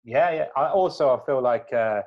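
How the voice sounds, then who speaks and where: A man from the UK joins the movie chat with wry, quick quips and frequent laughter. His voice sits at a middle pitch. The recording sounds muffled and lo-fi. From United Kingdom. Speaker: podcast co-host. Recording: muffled lo-fi audio.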